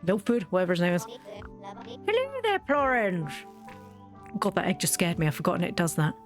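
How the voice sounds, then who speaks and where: A woman's voice: on the low side, steady tone, very fast, soft background music. A woman chatting casually while she plays a video game, rambling and often restarting her sentences. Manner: chatty, rambling, self-interrupting. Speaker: gaming channel host. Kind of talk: casual let's-play commentary.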